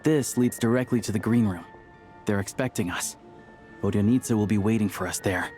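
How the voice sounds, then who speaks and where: A man's voice: lowish voice, fairly quick, a little mellow, faint music behind, lightly acted. An actor playing a friendly young male theater worker in a video game, easygoing and persuasive.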